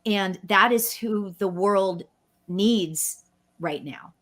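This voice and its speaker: A woman's voice: mid-range voice, extremely slow. Effusive woman medium giving readings. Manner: effusive, excited, emotional. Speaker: spiritual medium, guest co-host. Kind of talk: live-stream card reading.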